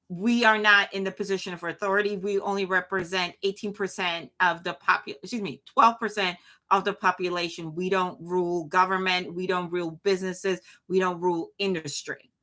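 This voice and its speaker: Woman, show host, live commentary, emphatic, lots of restarts, bright tense voice. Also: medium pitch. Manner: animated, emphatic, talks with frequent restarts. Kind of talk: live commentary reacting to chat.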